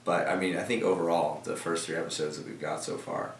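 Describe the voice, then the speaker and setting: A man's voice: deep voice, fairly even intonation, fairly quick. A young man talking casually in an interview, rambling with many fillers and restarts, in an office. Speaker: team member guest. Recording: echoey room from a distance.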